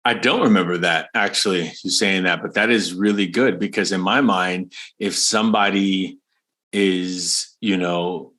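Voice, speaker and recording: A man from Florida hosts a podcast interview in a low yet bright, forward voice. He talks in a loose, chatty way and laughs easily. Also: a little slow. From Florida, USA. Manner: animated, chatty, laughs often. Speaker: podcast host.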